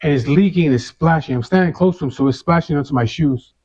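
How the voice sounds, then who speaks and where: A man's voice: a little high, fast talker, darkish tone. Guy telling his story, lots of slang and cussing and "you know", kinda muffled audio. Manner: casual street slang, swears, constant "you know". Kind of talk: first-person storytelling.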